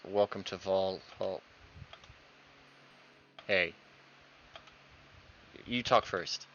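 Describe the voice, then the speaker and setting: Deep-voiced man reading game dialogue. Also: drawn-out words, fairly bright tone, slight background noise. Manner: reads every character's lines himself, acting out stammers. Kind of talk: voicing visual novel dialogue. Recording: dull lo-fi recording.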